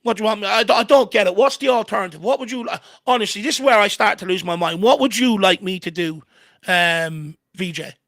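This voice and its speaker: Exasperated man ranting live over a match, high and gravelly, very dry recording. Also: fairly quick, a bit bright, dry recording. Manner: exasperated ranting, heavy swearing. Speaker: co-host of a fan watchalong. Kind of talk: heated live match reaction.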